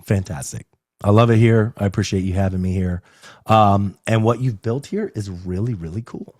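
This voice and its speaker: A man talking as an interview guest in a club, animated and rambling, with many fillers and quick laughs. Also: lowish voice, no room sound, clean studio sound. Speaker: interview guest, actor and agency owner. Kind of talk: casual interview chat. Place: club venue indoors.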